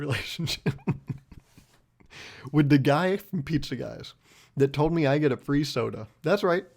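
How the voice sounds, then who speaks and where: A man's voice: medium pitch, creaky, darkish tone. A young man hosting his own podcast, telling a story in a rambling, profane, self-mocking way. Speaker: podcast host. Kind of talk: casual solo podcast monologue.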